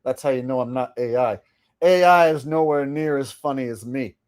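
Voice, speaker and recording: A man's voice: medium pitch, moderate pace, a little mellow, clear, resonant tone. A man hosting a livestream, talking in a boastful, rambling way as he comments on clips. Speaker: livestream host. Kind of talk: casual stream commentary.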